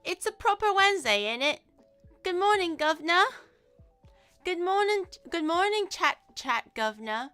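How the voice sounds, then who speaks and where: A woman plays a cheeky, exaggerated mock-British character with clipped, slangy phrasing. The voice is bright and edged, sitting a little high. Soft music plays faintly underneath. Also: moderate pace. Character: cheeky put-on Cockney-style Brit, woman. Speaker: streamer. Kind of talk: playful accent impression on a live stream.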